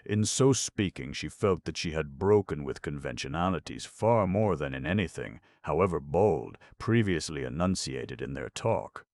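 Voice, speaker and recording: A man narrating an audiobook in an extremely deep, gravelly voice. His reading is dramatic and swings widely in pitch. The sound is close and dry. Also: animated, moderate pace, few pauses, a little mellow, dry recording. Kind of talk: scripted narration.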